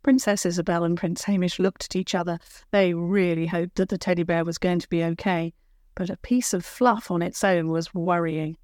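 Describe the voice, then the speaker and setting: A woman narrating a children's storybook in a gentle, clear read-aloud manner. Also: fairly low pitch, steady tone, normal speed, dry recording, studio quality.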